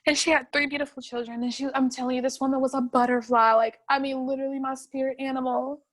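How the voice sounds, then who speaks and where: A young woman, telling her story in an oral history interview, animated and often laughing, her voice catching with emotion. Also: high voice, fast talker. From North Carolina, USA. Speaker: interviewee, street artist.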